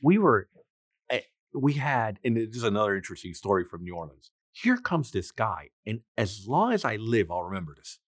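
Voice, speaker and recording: Animated male interview guest, dry sound. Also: moderate pace, dry recording. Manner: animated storyteller, pitch jumps when excited. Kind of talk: casual interview storytelling.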